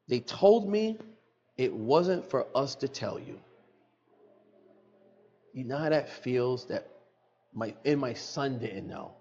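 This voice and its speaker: A man's voice: mid-range voice, expressive, slow, pauses often, mellow, highs cut off, a little hiss or hum. A middle-aged man, a podcast guest, telling an emotional personal story in earnest, repeating phrases for emphasis, recorded in a studio.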